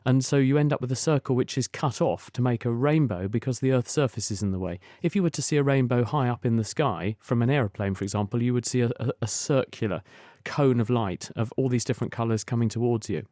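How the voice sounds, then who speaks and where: A man with a mellow, rounded voice explains the science patiently and fluently to a radio caller. His delivery is lecturing but conversational, and the recording is dry and close. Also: mid-range voice, fast talker, no room sound. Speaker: science expert answering listener questions.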